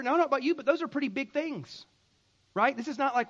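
A man preaching a sermon in a conversational, emphatic way, with sudden loud bursts. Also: very high voice, quick pace, highs cut off. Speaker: pastor.

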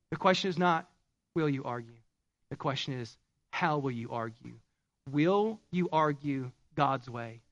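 High-voiced man preaching a sermon. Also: a bit bright, no echo. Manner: conversational, rising to fervent preaching with audience call-and-response. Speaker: pastor.

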